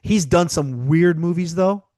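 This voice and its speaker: This podcast co-host speaks at a measured pace in a mellow, slightly high voice, with no room sound. He chats casually about a film, telling stories that trail off and restart.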